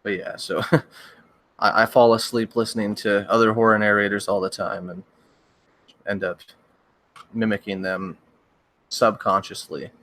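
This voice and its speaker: A young man, a horror story narrator, chatting casually on a livestream, rambling and hesitant, his voice cracking and needing throat-clearing now and then. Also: lowish voice, flat delivery, unhurried, pauses often, fairly bright tone, dry recording. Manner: rambling, hesitant, with many restarts and fillers.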